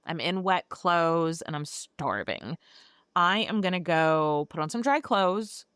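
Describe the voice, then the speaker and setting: A woman voicing a flustered, nosy young gentleman in a comic book recap, in a high, jittery, babbling voice. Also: expressive, slow, clean tone, dry recording, clean studio sound. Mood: weary.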